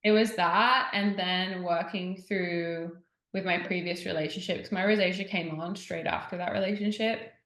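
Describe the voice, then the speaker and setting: A woman's voice: on the low side, steady tone, normal speed, a bit bright. Chatty woman guest in an echoey room. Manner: chatty, heavy use of "like", retells others' words. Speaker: podcast guest. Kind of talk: casual interview chat.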